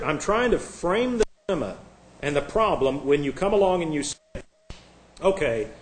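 Preacher guy, kinda high voice, sarcastic and fired up, quiet asides then loud jabs, echoey hall sound. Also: slight background noise. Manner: combative, sarcastic, swings from hushed asides to loud outbursts. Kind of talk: sermon.

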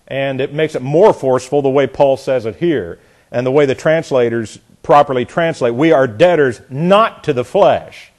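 A middle-aged man teaching a Bible passage verse by verse, deliberate and emphatic, often repeating words as he works through a thought. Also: mid-range voice, a little mellow.

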